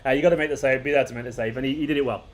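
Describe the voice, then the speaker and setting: A man's voice: mid-range voice, fairly even intonation, very fast. A man, hosting a casual football watchalong stream, rambling and chuckling as he talks. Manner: rambling, chuckling, restarts sentences. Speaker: football fan channel host. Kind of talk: casual live watchalong chat.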